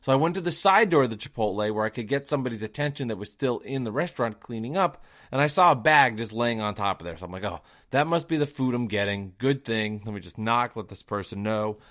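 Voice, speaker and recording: A man telling a story on his own podcast in a worked-up monologue. His voice sits in an ordinary middle range. He fires off rhetorical questions and swings from loud outbursts to quiet, muttered asides. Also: mid-range voice, animated, quick pace, few pauses. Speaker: podcast host and delivery driver.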